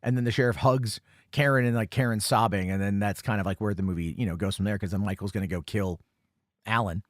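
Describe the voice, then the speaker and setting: A man's voice: lowish voice, fairly even intonation, quick pace, dry recording, clean studio sound. A man hosting a film commentary podcast, recapping the plot in a loose, rambling way with many fillers and self-corrections. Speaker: podcast host reviewing a film.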